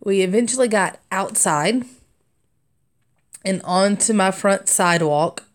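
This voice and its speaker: Medium-pitched and a little slow, this young adult woman hosts a craft livestream. She chats loosely while stitching, drifting through stories with frequent laughs and fillers.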